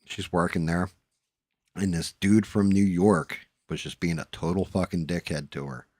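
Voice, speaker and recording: Deep-voiced man, profane storyteller. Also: moderate pace, darkish tone, dry recording. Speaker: streamer host. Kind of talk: casual chat.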